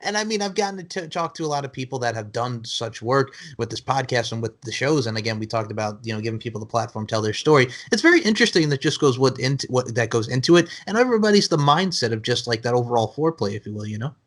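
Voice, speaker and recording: A man's voice: mid-range voice, animated, fast talker, hardly any pauses, a bit bright. A man hosting a podcast, chatting casually and rambling with lots of fillers. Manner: rambling, many fillers like "you know". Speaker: podcast host. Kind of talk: casual interview chat.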